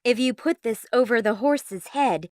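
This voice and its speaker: A woman voicing a calm, stately goddess who gently explains a magic gift in a storybook. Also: on the high side, unhurried, dry recording, studio quality, voice pushed up, close to an everyday voice. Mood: gentle.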